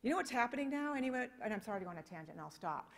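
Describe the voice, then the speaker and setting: A fairly high-voiced American woman delivering a conference keynote, fired up and emphatic, firing off rhetorical questions. Her voice rings out with the long reverb of a big hall. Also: very animated, very fast, vocal fry. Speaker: keynote speaker.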